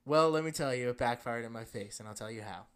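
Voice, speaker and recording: A man with a New Jersey accent, co-hosting a podcast in casual chat, reading a story with a deadpan delivery and bursts of laughter. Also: medium pitch, quick pace, clean tone. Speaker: podcast co-host.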